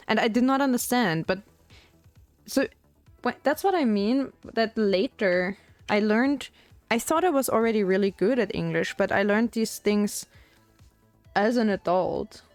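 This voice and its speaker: A young woman talks casually on a painting stream, wandering from thought to thought and leaning on "like" as a filler. Her voice sits in a middle pitch and sounds dry and close. Soft music plays faintly in the background. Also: measured pace, dry recording. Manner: rambling and chatty, heavy on "like" fillers. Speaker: VTuber streamer. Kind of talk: casual chat while painting miniatures.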